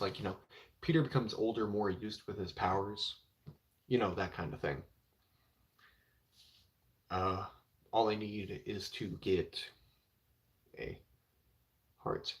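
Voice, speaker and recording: A young man chatting casually on a live stream about comic books, rambling and filling with 'like' and 'you know'. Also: fairly low pitch. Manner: rambling, heavy with filler words.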